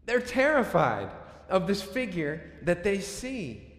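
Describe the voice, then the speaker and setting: A man preaching a sermon, telling the story dramatically with sudden swings between loud and soft. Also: sits high, wildly swooping pitch, slow. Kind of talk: expository sermon. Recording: echoey hall with long reverb.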